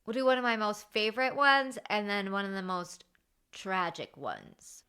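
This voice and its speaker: Brief: woman in her thirties hosting her podcast, bright and forceful tone, lively anecdote telling. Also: mid-range voice, clear, resonant tone. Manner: animated, chatty, with many fillers. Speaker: podcast host. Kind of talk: casual storytelling.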